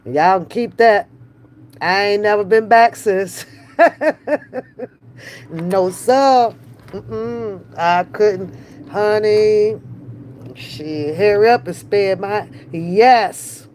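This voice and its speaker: A woman hosting a live stream, chatting casually with viewers in a slow, drawn-out way, often brushing things off with a dismissive "mm-mm". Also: medium pitch. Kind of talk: casual chat.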